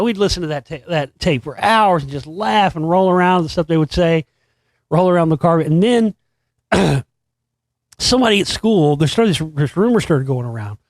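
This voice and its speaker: A middle-aged man talks casually and with lots of swearing, his voice a little higher than most men's. He tells his stories in an animated, amused way. The sound is dry and close, with no room in it. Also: moderate pace, no room sound. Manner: profane, animated, laughs while recounting. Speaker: podcast host. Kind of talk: casual storytelling monologue.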